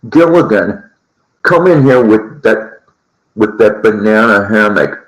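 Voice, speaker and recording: A haughty old rich man drawls in a pompous upper-class voice, lofty and slow, as a man puts him on. The voice rings in an echoey room. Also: fairly low pitch, lively intonation. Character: snooty old millionaire castaway, pompous drawl.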